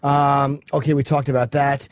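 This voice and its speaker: A man's voice: mid-range voice, level tone, dry recording, clean studio sound. A man hosting a radio interview, joking and probing with his questions. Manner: joking, probing, quick-talking. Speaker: radio host.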